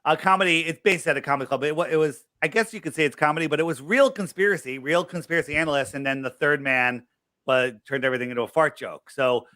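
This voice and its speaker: Bright, emphatic man telling a story. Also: on the high side. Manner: emphatic, quick asides, acts out quoted people. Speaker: guest researcher. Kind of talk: animated storytelling interview.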